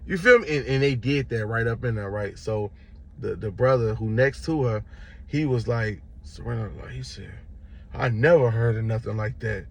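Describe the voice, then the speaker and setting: Young man, low gravelly voice, casual storyteller doing other people's voices, faint background noise. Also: normal speed. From Chicago, Illinois. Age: young adult. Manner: animated retelling, acts out other voices. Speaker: vlogger.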